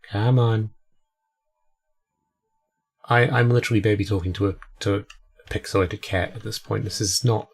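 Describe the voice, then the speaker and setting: A man's voice: fairly low pitch, normal speed, vocal fry, long pauses, husky, faint music behind. A man with a cold, chatting casually and rambling through his gameplay commentary as host. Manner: rambling, chatty, self-deprecating. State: sick with a cold. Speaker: let's play host.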